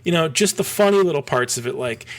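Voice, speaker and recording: Rambling animated man telling a story. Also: a little high, quick pace. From Michigan. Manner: rambling, animated, many restarts. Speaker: podcast guest. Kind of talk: casual storytelling.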